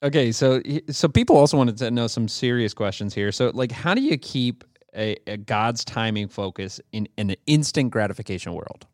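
A man's voice: mid-range voice, expressive, normal speed, hardly any pauses, darkish tone, dry recording, studio quality. A man hosting a podcast, chatting in a playful, joking way with frequent restarts. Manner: playful, jokey, rambling restarts. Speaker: podcast host. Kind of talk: casual chat.

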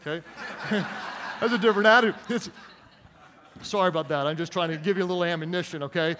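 A male pastor preaches with a fairly high voice. He is playful, drops in jokes and asks the congregation to repeat words back to him, and he stretches out key words for emphasis. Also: pushed and bright. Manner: joking, calls for congregation responses; slows to stress key words. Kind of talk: sermon.

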